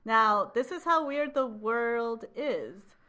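A woman's voice: a little high, expressive, bright, forceful tone. Woman cohost, casual travel chat, laughs easily. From Peru. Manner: laughs often, quick reactions. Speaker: travel podcast co-host.

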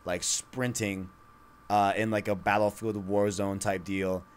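A man's voice: lowish voice, a little slow, slight background noise. Rambling man chatting about games. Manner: rambling, full of "like" and "you know", excitable. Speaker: podcast co-host. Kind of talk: casual gaming podcast chat. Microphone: studio microphone.

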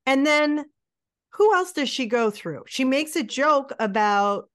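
A woman's voice: sits high, lively intonation, slow pace, dry recording, studio quality. A woman co-hosting a podcast, chatting casually and sarcastically about an old film. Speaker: podcast co-host.

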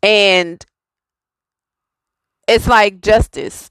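A woman's voice: mid-range voice, moderate pace, no echo, rough recording. A woman giving an intuitive spiritual reading in a reassuring way, repeating her phrases insistently. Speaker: spiritual reader.

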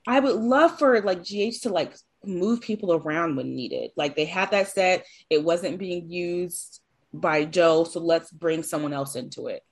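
A woman co-hosting a podcast, chatty and lively in casual conversation. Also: lowish voice, measured pace, breathy edge. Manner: chatty, lively, laughs while acting out scenes. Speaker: podcast co-host. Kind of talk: casual chat.

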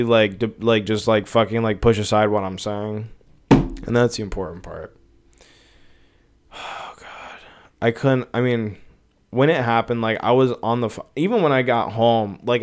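A young man with a smooth, resonant voice at an ordinary pitch rants casually as a podcast host. He rambles, swears freely and sounds exasperated, circling back on himself as he talks. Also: fairly even intonation, normal speed. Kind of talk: casual rant.

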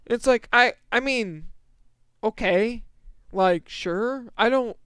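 Exasperated high-voiced young man ranting. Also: takes it slowly, fairly bright tone, clear, resonant tone, no room sound, clean studio sound. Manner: exasperated, profane, rambling with many restarts. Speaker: movie reviewer. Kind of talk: casual rant.

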